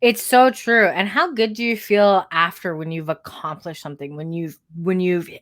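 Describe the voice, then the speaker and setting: A woman's voice: lowish voice, fairly even intonation, moderate pace, fairly bright tone. A woman co-hosting a podcast, sharing stories and reflections in casual chat. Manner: chatty, reflective storytelling. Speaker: podcast co-host.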